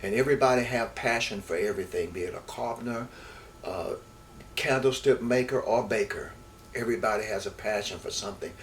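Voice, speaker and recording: Fairly quick and on the low side, an older Houston, Texas man who once played baseball recounts his life in an interview. He repeats words, restarts, and wanders, growing lively over old events. The audio comes from a distant mic with faint noise in the background.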